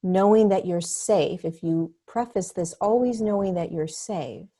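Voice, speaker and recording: A middle-aged woman talking as a podcast guest, earnest and animated, acting out the voices of other people. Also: fairly low pitch, a little slow, husky. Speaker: podcast guest, spiritual teacher. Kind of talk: conversational interview.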